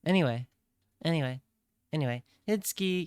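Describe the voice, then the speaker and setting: A young man chats to his stream at an unhurried, drawn-out pace, rambling and joking along. His voice comes through smooth and clear. The sound is dry and close, with no room around it. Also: medium pitch, lively intonation, dry recording. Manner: rambling, playful, talks straight to chat. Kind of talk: casual livestream chat.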